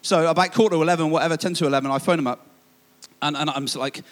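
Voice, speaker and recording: A man's voice: on the high side, fast talker. A man preaching a sermon, telling a self-mocking personal story with many restarts and asides. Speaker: pastor.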